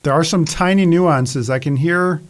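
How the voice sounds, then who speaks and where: Halting man giving casual feedback. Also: on the high side. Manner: halting, repeats words while thinking aloud. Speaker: host, music producer.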